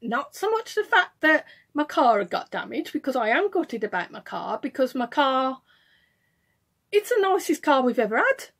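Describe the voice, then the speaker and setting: A woman with a Birmingham accent telling a story to camera in an indignant, animated way, acting out what was said. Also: high-pitched, moderate pace, husky. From England. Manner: indignant, animated retelling with acted quotes. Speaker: vlogger.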